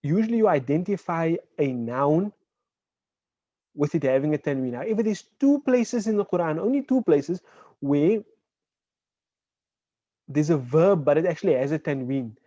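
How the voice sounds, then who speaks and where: A man's voice: on the high side, lively intonation, mellow, no echo. Man teaching over a dull online call. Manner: patient explaining, checks in with "right?"; slowly spells out example words. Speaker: Arabic teacher. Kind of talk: online class lecture. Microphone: video call.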